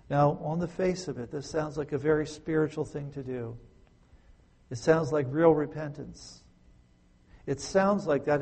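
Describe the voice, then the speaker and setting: Brief: male preacher, dark mellow tone, rhetorical and emphatic. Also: fairly high pitch, vocal fry, slightly rough, in a large hall. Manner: emphatic, rhetorical questions, dramatic scripture quoting. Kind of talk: sermon.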